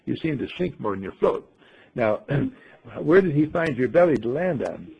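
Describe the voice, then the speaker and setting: A man with a very husky, gravelly voice tells a rambling story to a small group, swinging his pitch widely as he muses aloud. The sound is dull and lo-fi. He clears his throat often as he goes. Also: very animated, normal speed. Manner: playful, acts out voices in quotes, frequent throat clearing. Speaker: speaker telling a story to a group. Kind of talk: rambling spoken storytelling and musing.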